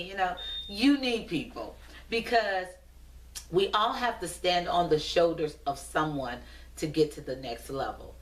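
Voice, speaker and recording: A woman's voice: mid-range voice, animated, normal speed. Preachy woman host, roomy and distant. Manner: preachy, repetitive, rhythmic exhortation. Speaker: motivational show host. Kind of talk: motivational pep talk to camera. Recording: roomy echo, distant from mic.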